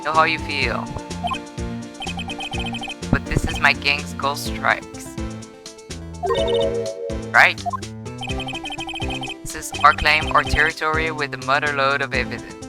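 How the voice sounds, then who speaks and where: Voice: medium pitch, fairly even intonation, slow pace, long pauses. Streamer doing a cocky cowboy detective, barely any drawl, music in the back. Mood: threatening. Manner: reads game lines with a weak put-on drawl. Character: swaggering male cowboy-style detective, drawling. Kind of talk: reading game dialogue aloud on stream.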